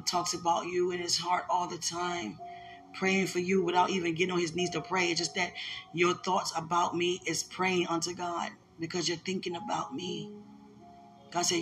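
A woman's voice: on the low side, little pitch movement, normal speed, over music. A woman giving a heartfelt, emotional religious message, repeating herself and laughing often.

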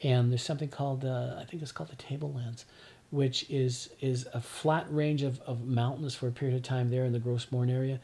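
A man's voice: medium pitch, steady tone, fairly quick, dark tone. Middle-aged guy on a podcast, rambling reflective stories, lots of restarts. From Newfoundland, Canada. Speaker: podcast guest. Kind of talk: casual conversation.

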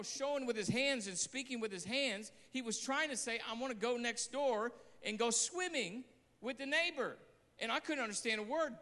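A man preaching as a guest pastor, telling a story that swings between quiet asides and loud outbursts. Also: extremely high pitch. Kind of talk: sermon. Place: church hall. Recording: long hall reverb.

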